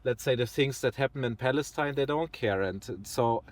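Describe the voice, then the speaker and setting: Young guy in his 20s on a podcast, earnest and measured, mid pitch, pauses to find words. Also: no room sound. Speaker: podcast guest. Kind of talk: casual interview conversation.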